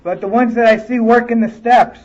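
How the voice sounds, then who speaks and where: In a very high-pitched, slightly mellow voice with fairly even intonation and a brisk pace, a man from California candidly recounts his recovery in plain, earnest words. He's speaking to a live audience in a conference hall, recorded on dull lo-fi tape.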